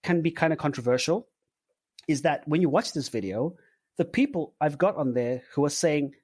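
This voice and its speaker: A man in his forties from Zimbabwe, a podcast guest talking in a relaxed, rambling way with filler words. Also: a little high, moderate pace, breathy edge, no echo. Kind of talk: casual interview chat.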